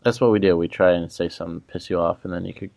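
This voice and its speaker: A man's voice: deep voice, steady tone, rapid-fire, creaky, a little mellow. A man co-hosting a podcast in casual chat, easygoing, chiming in with dry jokes and telling his own anecdote. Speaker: podcast co-host.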